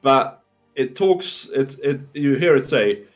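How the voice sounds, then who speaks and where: A man's voice: medium pitch, lively intonation, takes it slowly, soft background music. A man running a tabletop game as game master, narrating scenes with fillers and restarts. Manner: descriptive, thinks aloud with fillers and restarts; clears his throat between lines.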